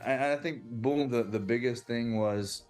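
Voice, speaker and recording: A man's voice: mid-range voice, unhurried, darkish tone, soft background music. A man in his forties, a basketball coach, telling an emotional story in an interview, full of restarts and acted-out quotes. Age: 40s. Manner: earnest, emotional, many restarts, acts out quoted speech.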